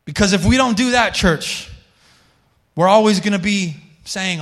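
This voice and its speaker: High-voiced joking pastor. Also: male voice, unhurried, fairly bright tone. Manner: conversational, joking, many restarts. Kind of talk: sermon.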